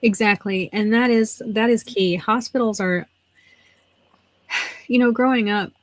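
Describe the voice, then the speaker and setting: A woman's voice: medium pitch, measured pace, dry recording. Chatty woman, dry close sound. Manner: chatty and animated, laughs often. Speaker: livestream co-host. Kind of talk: casual chat while crafting.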